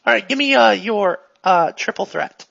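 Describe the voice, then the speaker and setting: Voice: medium pitch, normal speed, creaky, highs cut off. A GM doing a gushing, pushy TV star woman. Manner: gushing, jumps from excited to hushed.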